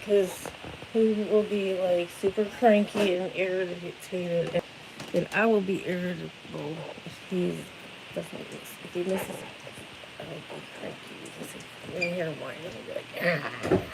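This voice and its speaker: A woman's voice: on the low side, steady tone, measured pace, creaky, background noise. A woman in her thirties, a parent chatting casually on a livestream, tired after no sleep, rambling and swearing freely. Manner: rambling, swears freely, yells playfully to wake her kid.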